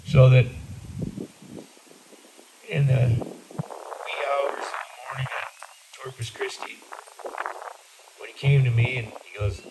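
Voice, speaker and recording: A man's voice: medium pitch, steady tone, slow pace, gravelly, pauses often, noisy background. A man in his sixties, a priest, preaching a homily in a blunt, conversational, self-deprecating way. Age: 60s. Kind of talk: sermon.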